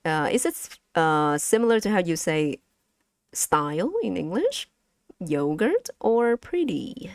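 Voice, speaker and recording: A low-voiced woman, to the language, running a live-stream pronunciation lesson. She speaks slowly and haltingly, repeating words and giggling, and the sound is close and dry. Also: big pitch swings, no room sound. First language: Vietnamese. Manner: hesitant, restarts words, giggles often.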